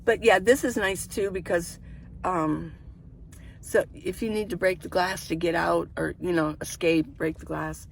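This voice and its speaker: A woman's voice: on the low side, fairly even intonation, measured pace, vocal fry, a little hiss or hum. A middle-aged woman vlogger chatting casually and rambling as she shows the inside of her minivan, with a camera held in her hand. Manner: chatty, rambling, laughs often.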